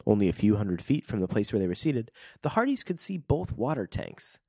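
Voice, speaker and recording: Co-host, male, lively read-aloud voice with big swings in pitch, dry close sound, keeps breaking into chat. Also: brisk, gravelly, husky, dry recording. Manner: animated, laughs often, lively reading. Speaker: podcast co-host reading a book aloud.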